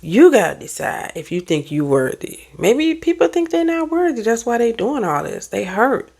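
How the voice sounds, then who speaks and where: A woman therapist and life coach giving animated, preachy advice in a casual motivational vlog, talking back to online commenters. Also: fairly high pitch, moderate pace, gravelly. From United States.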